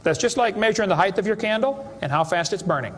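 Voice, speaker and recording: A man's voice: high-pitched, animated, quick pace, in a large hall, a little hiss or hum. A man giving a creationist seminar lecture to an audience, sarcastic and mocking as he tells stories.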